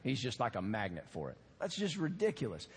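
A man pastor giving an animated, earnest sermon with asides to the congregation in a church. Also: medium pitch, a little fast, slightly rough. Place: church sanctuary. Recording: long hall reverb.

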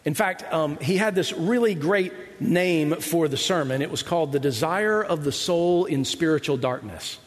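A man's voice: a little high, animated, moderate pace, hardly any pauses, big-room sound. A man preaching a conversational sermon, retelling Bible stories and acting out their voices, often checking in with the audience. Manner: conversational, asks the audience "right?"; acts out quoted voices of Bible figures. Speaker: pastor.

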